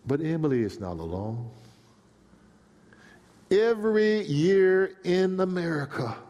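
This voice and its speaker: A male preacher tells a story at a very slow pace, drawing out each phrase. He swings from hushed tones to loud cries. A long reverb fills the big hall around him. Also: high voice. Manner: dramatic, swinging from hushed to shouting. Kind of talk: sermon storytelling.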